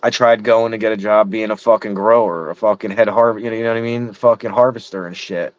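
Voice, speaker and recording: A man's voice: lowish voice, steady tone, a little fast, dry recording. A middle-aged man in casual chat, frustrated and rambling, swearing heavily. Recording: dull lo-fi sound.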